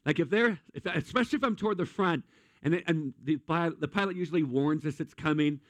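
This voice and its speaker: A man preaching a sermon in a lively, conversational way, with jokes and acted-out asides. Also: a little high, fairly quick, no echo. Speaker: pastor.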